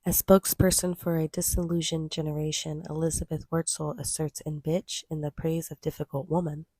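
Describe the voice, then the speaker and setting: Woman, audiobook reader, measured nonfiction reading, mellow, dry close sound. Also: low voice, flat delivery, no room sound.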